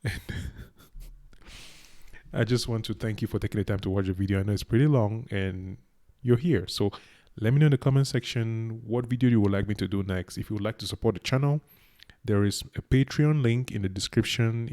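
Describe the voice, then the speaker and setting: A man from Cameroon hosts a reaction channel, speaking casually, chattily and earnestly straight to his viewers. His voice is fairly low and mellow, and he talks fairly quickly.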